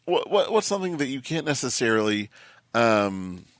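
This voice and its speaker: A man's voice: mid-range voice, sing-song, moderate pace, fairly bright tone, dry recording. Chatty guy host rambling thru a story, lots of ums, voice bouncing up and down, dry sound. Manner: rambling storyteller, many fillers and restarts, laughs often. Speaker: podcast host. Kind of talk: casual podcast chat.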